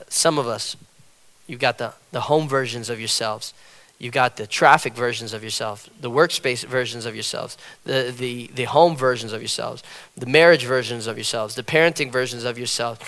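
A man preaching a sermon from a church platform, animated and repetitive, acting out the people he quotes. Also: mid-range voice. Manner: animated, repeats phrases, acts out quotes. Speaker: pastor.

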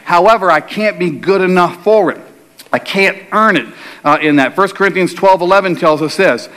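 A man's voice: high voice, normal speed, a bit bright. A middle-aged male pastor preaching a sermon, telling a humorous personal story before building to emphatic preaching.

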